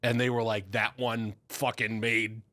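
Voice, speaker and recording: A man's voice: on the low side, little pitch movement, measured pace, sharp tone, no echo. A man co-hosting a podcast, laid-back with a dry sense of humor. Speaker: podcast co-host. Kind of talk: casual podcast chat.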